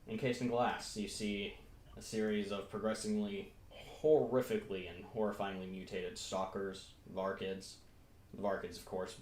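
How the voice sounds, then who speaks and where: A man's voice: sits low, darkish tone, reverberant, slight background noise. A man running a tabletop game as game master, narrating scenes and laughing often.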